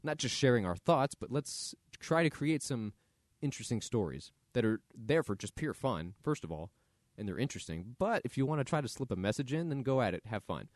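A man's voice: mid-range voice, sing-song, brisk, no echo, studio quality. A man hosting his own podcast, talking casually and thinking aloud with fillers. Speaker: podcast host. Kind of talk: casual solo podcast monologue.

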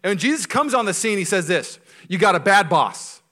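A man preaching a sermon in a bright, somewhat high voice. He talks to the congregation in a casual, jokey way, dropping quiet for serious points and rising loud for punchlines. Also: animated, fairly quick. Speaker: pastor.

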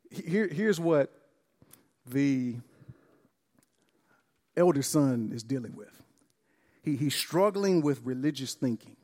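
A man pastor preaching a sermon, acting out dialogue with lively emphasis and repeated words. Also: on the high side. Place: church sanctuary. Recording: long church reverb.

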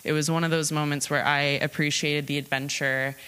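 A woman's voice: low-pitched, little pitch movement, a little fast, sharp tone, clear, resonant tone. A woman in her twenties telling a personal story live on a theatre stage, chatty and laughing often. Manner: chatty, laughing, lots of fillers.

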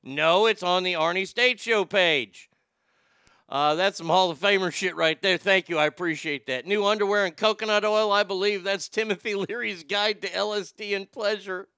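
A man's voice: high voice, moderate pace, pushed and bright, clear, resonant tone, no room sound, studio quality. A man hosting a casual morning radio show, reading listener messages in a brash, profane, joking way and often stammering.

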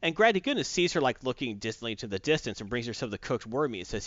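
Animated man recapping comics, dull sound. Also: medium pitch, no echo. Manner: animated, jumps into quick character voices while retelling. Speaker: comic book podcast host. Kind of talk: casual comic recap chat.

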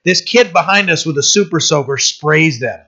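Middle-aged man, pastor, conversational storytelling sermon, bright edge, muffled lo-fi sound. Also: on the high side, expressive, moderate pace. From United States. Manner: informal storytelling sermon, loose and personal. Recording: dull lo-fi recording.

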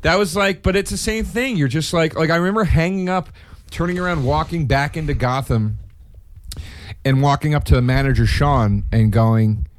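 A man's voice: a little high, moderate pace, no room sound. A man hosting a casual chat, telling stories in a rambling way with many fillers and restarts. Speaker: comedian and podcast host.

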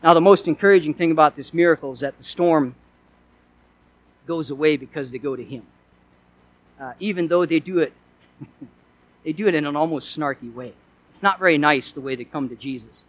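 A man's voice: a little high, normal speed, pauses often, no echo, low-quality recording. A male pastor preaching a sermon in an earnest way, asking his listeners one rhetorical question after another.

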